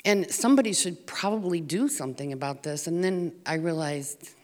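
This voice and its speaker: A woman's voice: lowish voice, expressive, normal speed, darkish tone, big-room sound. An American woman telling a personal story in an earnest way, with some fillers, to a room. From United States. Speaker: speaker telling of volunteer work.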